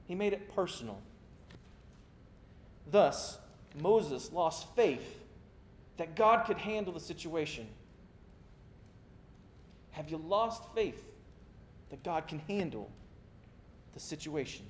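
High-voiced man preaching a sermon. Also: takes it slowly, long pauses. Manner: animated storytelling with self-mocking asides. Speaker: pastor. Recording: echoey room with faint rumble.

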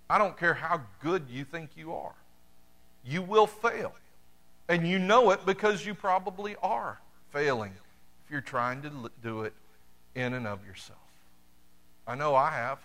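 A middle-aged man delivering a sermon at an unhurried pace. His voice is bright and fairly high for a man. He speaks straight to his congregation, mixing plain talk with dry humor. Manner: conversational preaching with dry humor, addresses congregation directly. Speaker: pastor.

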